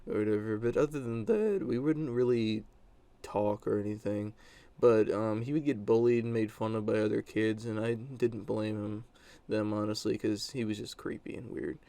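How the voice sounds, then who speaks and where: A man's voice: fairly low pitch, normal speed, creaky, dark tone, no echo. A young adult man telling a story from his school days in a casual, blunt monologue, with many fillers and crude words.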